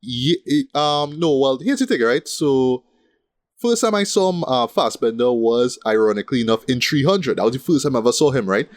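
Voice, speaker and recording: A man co-hosting a laid-back film podcast, talking in loose, rambling runs and checking in with "right?" at every turn. His voice sits at an ordinary middle pitch. The sound is dry and close, with no room around it. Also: expressive, moderate pace, dry recording. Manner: rambling, repeats "right?" often. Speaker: podcast co-host. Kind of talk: casual film review chat.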